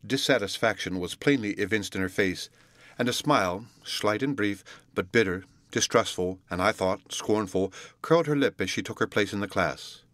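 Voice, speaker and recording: A man reading a classic novel aloud as an audiobook narrator, in a measured, deliberate way. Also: fairly low pitch, fairly bright tone, no room sound. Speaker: audiobook reader.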